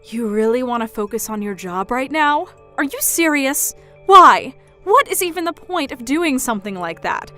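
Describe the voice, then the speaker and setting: A woman acts out a domineering middle-aged mother in a drama. She talks down to her daughter in a mocking, pushy way. Her pitch rides high and swings widely, and soft music plays underneath. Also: expressive, moderate pace, few pauses, natural voice. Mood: scornful.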